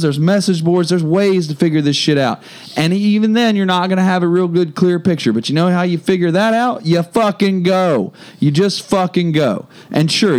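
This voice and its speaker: A man's voice: sits high, a little mellow. An American man co-hosting a podcast, delivering a heated, profanity-filled rant. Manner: heated, swearing, emphatic. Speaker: podcast co-host.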